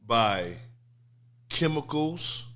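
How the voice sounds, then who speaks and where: A man in casual podcast chat, animated and streetwise, often repeating "you know what I'm saying.". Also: mid-range voice, very slow. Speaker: podcast co-host.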